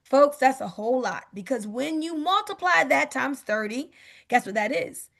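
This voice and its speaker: Upbeat woman pitching on a video call, high voice with vocal fry. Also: expressive, moderate pace, a bit bright. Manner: upbeat, repeats "guess what". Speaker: presenter on a sales call. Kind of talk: enthusiastic sales pitch.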